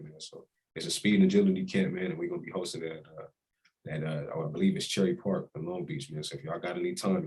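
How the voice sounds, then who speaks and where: A man's voice: extremely low pitch, a little mellow, rough recording. A young man, a college quarterback, talking with emotion and reflection as a guest in a casual interview. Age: young adult. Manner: heartfelt, reflective, speaks with emotion.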